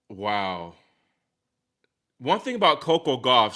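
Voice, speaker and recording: A young man from Virginia hosting a casual live stream, chatting excitedly with viewers, sighing and exclaiming as he reacts. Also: fairly low pitch, slow pace, pauses often. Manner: excitable, talks to chat, sighs and exclaims. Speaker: livestream host reacting to tennis.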